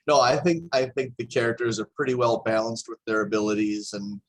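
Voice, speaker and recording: A man chats about a board game in short, joking bits, sometimes halting over his words. His voice sits at an ordinary pitch for a man. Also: fairly even intonation. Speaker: board game group member. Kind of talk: casual group discussion.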